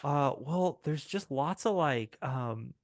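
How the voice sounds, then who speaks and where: A man voicing an excitable young boy who rambles and stumbles over fillers in a tabletop game. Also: on the high side, takes it slowly, slight background noise. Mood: excited. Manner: breathless, stumbling, full of fillers.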